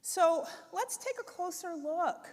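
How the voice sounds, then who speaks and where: Woman, conference keynote, high-pitched, casual expressive delivery, long hall reverb. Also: slow pace. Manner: conversational and expressive, with frequent "right?" and "like". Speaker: conference speaker.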